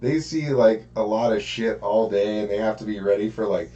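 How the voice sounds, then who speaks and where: A man's voice: on the low side, normal speed, mellow, lo-fi sound. A man chatting casually on a podcast, laid-back, repeating lines for comic effect. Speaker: podcast co-host. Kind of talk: casual chat.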